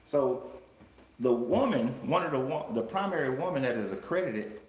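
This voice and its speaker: Male livestream host, emphatic and colloquial, mid pitch, roomy sound. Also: expressive, moderate pace, far from the mic. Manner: emphatic, colloquial, with rhetorical questions. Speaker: life coach and livestream host. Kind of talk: live-streamed Bible commentary. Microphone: livestream setup. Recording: roomy room with faint background noise.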